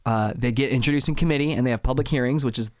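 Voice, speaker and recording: A man co-hosting a podcast, explaining things in a measured, step-by-step way. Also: medium pitch, darkish tone, no echo. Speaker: podcast co-host.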